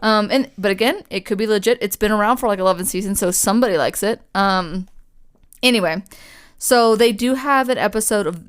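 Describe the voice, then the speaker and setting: A woman's voice: mid-range voice, fairly quick, smooth. A young woman co-hosting a podcast, telling a story in casual chat, chatty and swearing freely with lots of fillers. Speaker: podcast co-host.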